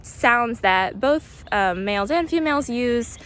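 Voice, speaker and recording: A woman's voice: a little high, a little slow. Woman, nature guide, outdoors, casual lesson, frequent ums, bird-call imitations. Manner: relaxed, many "um"s, imitates bird calls. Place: outdoors near hedges and compost bins.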